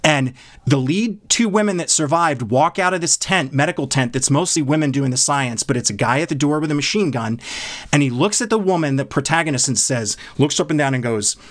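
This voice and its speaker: A man's voice: on the high side, expressive, a little fast, fairly bright tone. Worked-up man ranting about a show. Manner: passionate, worked up, rambling retelling. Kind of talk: heated casual discussion.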